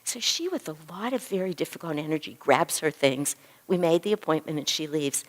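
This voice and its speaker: Middle-aged woman teacher, low-ish voice, animated storyteller voicing each character. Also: a little fast. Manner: animated storyteller who acts out dialogue. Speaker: physician and spiritual teacher. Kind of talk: storytelling lecture to a class.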